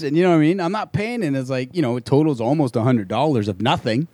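A man's voice: on the high side, fast, a little mellow, no echo. A man telling a frustrated story in casual chat, swearing freely and acting out the quoted voices of the people involved.

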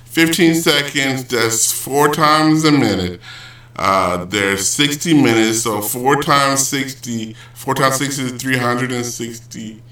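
A man's voice: mid-range voice, slow pace, sharp tone. A man rambling casually in a vlog, joking and correcting himself as he goes. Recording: roomy, distant, poor audio.

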